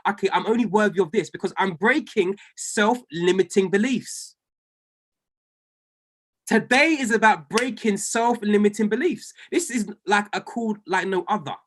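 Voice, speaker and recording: A man's voice: high-pitched, a bit bright. A man coaching a group of traders on a video call. He speaks with fervent conviction, repeats key lines for emphasis, and calls people by name. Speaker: trading coach.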